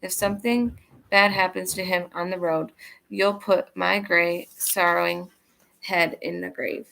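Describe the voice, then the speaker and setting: A grief-stricken old father clinging to his youngest son, read out by a woman. The voice sits low with a gravelly edge, delivered plainly in a steady storybook reading rather than a put-on character voice. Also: unhurried. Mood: anguished.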